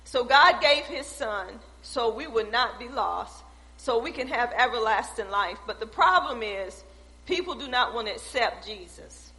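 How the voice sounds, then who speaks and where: A woman's voice: on the high side, lively intonation, unhurried, bright, forceful tone. A woman preacher delivering a sermon, building emphatic, repetitive lines. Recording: echoey hall.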